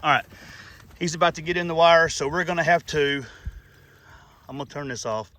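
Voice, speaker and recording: Brisk and on the high side, with a fairly bright tone, this middle-aged man hosts his channel's casual nature vlog beside a pond. He rambles in a folksy, chatty manner, filling gaps with fillers.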